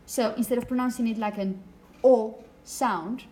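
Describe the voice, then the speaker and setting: A woman giving a classroom lecture, explaining slowly and often checking in with the students. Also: fairly high pitch, fairly even intonation, darkish tone.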